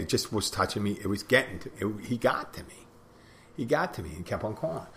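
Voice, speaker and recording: A man's voice: on the low side, animated, fairly quick, bright, forceful tone, slight background noise. A man hosting a podcast, telling a bar story in a rambling casual way, repeating phrases and acting out both sides of the talk. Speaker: podcast host, bartender.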